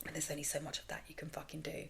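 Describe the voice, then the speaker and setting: A woman's voice: low voice, monotone, rapid-fire, gravelly, slight background noise. A woman in her thirties hosting a candid solo podcast, rambling frankly and self-deprecatingly, swearing freely. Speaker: podcast host.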